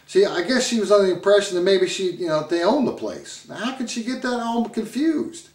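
Brash redneck, talks quickly and folksy, in an echoey room. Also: male voice, sits high, expressive. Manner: blustering, folksy. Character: brash Southern redneck man.

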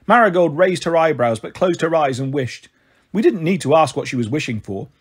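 Husky-voiced man reading a storybook. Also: a little high, fairly quick. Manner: steady, plain first-person narration.

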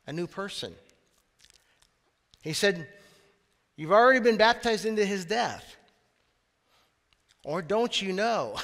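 Male pastor, high voice, talky sermon delivery, church reverb. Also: sharp tone. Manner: conversational preaching with asides. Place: church sanctuary.

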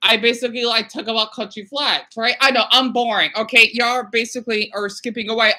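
This small YouTuber is live from home, talking emotionally into his webcam mic with a very high-pitched, steady, bright and forward voice. Stressed and distressed, he stops and starts, his voice catching, and repeats himself while apologizing again and again.

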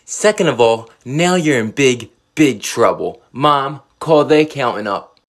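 Here a man plays a bratty, spoiled girl pop star for a comedy sketch, whining and demanding before breaking into screaming fits. His medium-pitched voice has lively intonation, a slightly slow pace, and a lightly acted quality.

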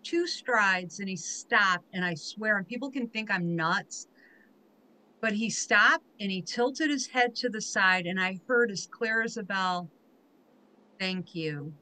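Bright-voiced woman telling heartfelt stories. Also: medium pitch, measured pace, rough recording. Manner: heartfelt, emotional storytelling. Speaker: podcast host. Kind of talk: conversational interview.

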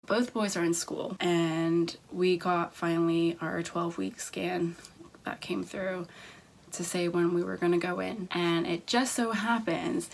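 A young adult woman vlogger telling a personal story to camera, speaking haltingly with frequent restarts. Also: lowish voice, steady tone, gravelly, poor audio.

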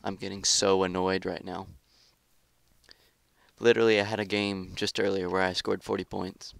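A man with a lowish, gravelly voice calls out his own match as he plays. He is excitable, taunts opponents and grumbles about lag in casual gameplay commentary. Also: moderate pace, no echo, studio quality. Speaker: gaming YouTuber.

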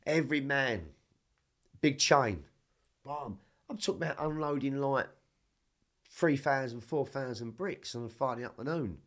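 A man telling rough, animated stories in a casual podcast chat, swearing constantly. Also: mid-range voice, unhurried, long pauses. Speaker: podcast guest.

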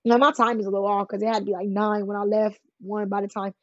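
A woman's voice: mid-range voice, level tone, quick pace, dry recording, lo-fi sound. A woman guest telling her own life story in an interview, plain-spoken and emphatic, often acting out what others said. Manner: emphatic, plain-spoken, acts out quoted voices. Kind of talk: candid conversational storytelling.

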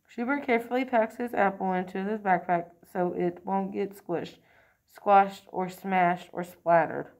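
Woman narrating a kids' picture book, expressive, relaxed and unpolished. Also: mid-range voice, unhurried. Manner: expressive, occasional slips and throat-clearing. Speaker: storybook reader. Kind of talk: reading a picture book aloud.

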